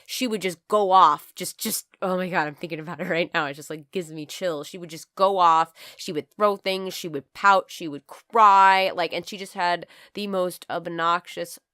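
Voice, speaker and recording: A woman's voice: fairly low pitch, steady tone, moderate pace, hardly any pauses, bright, forceful tone, smooth, no echo, studio quality. A woman in her twenties telling a personal story on her vlog, candid and profane, acting out scenes as she goes. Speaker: vlogger.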